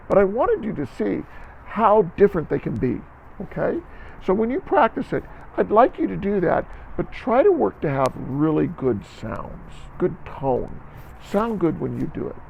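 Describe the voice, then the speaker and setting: A man's voice: sits high, vocal fry, highs cut off, slight background noise. A man teaching a band lesson on video, counting aloud and coaching students, often checking in with "okay?". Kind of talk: instructional music lesson video.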